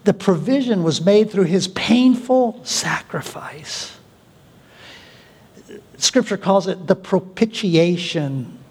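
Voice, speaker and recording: A male pastor preaching a sermon, with deliberate pauses and an emphatic delivery. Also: high-pitched, lively intonation, breathy edge. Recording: long hall reverb.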